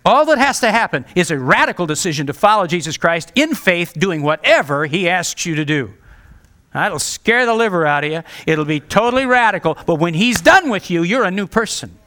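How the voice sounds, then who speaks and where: A male pastor delivers a sermon in an earnest, direct way, pressing his listeners to hear him. His voice sits a little high for a man and rings bright and forceful. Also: expressive, brisk.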